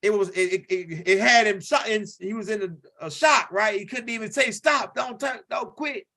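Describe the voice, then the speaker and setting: A high-pitched man from tells a loose, rambling stand-up story. He circles back, repeats lines and keeps asking "right?" as he talks. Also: fairly quick, sharp tone. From Louisiana. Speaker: comedian.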